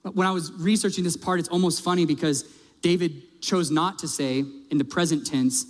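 A man's voice: on the high side, steady tone, moderate pace. A male pastor preaching a sermon in a conversational, emphatic way, asking his audience direct questions. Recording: long reverb of a large hall.

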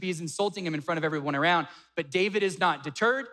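A young man preaching a sermon, retelling a story with animated acted-out dialogue. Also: sits high, quick pace. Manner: animated, acts out quoted dialogue. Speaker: pastor.

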